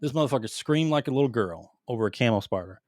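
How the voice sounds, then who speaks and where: A man, co-hosting a casual podcast and telling stories in a loud, animated way, swearing constantly. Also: mid-range voice, fast talker, no room sound, studio quality. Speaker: podcast co-host, military veteran. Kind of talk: casual profane storytelling.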